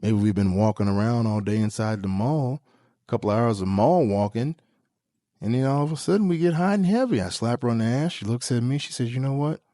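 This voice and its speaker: A man hosting a podcast, joking through a comedic monologue with sudden leaps into high squeaky tones. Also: fairly quick, warm tone, dry recording, clean studio sound. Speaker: podcast host.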